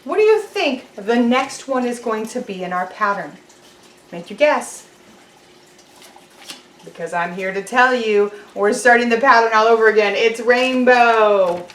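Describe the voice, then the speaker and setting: A woman teaching a children's lesson, talking slowly and clearly in a sing-song teacher voice to young kids. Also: fairly high pitch, expressive, fairly bright tone. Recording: roomy echo.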